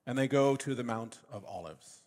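A man's voice: medium pitch, moderate pace, darkish tone. A man, a father, preaching a reflective sermon that sometimes sinks to a near whisper. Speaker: pastor. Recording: long reverb of a hall.

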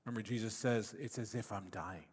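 Husky-voiced man preaching in a reverberant hall. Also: lowish voice, fairly quick. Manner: reflective, dropping to a near whisper at times. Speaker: pastor. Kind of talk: sermon.

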